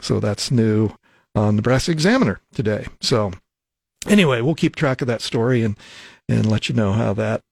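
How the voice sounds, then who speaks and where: Man, talk radio host, halting delivery, gravelly, dry booth. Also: on the low side, animated, darkish tone, no echo. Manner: halting, many fillers and restarts. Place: radio studio. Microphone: studio microphone.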